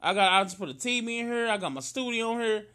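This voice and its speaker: A tearful man with a high, bright voice tells a story from the heart. His talk is slangy, casual and earnest. He sounds close to crying. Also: fast talker. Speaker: friend in conversation.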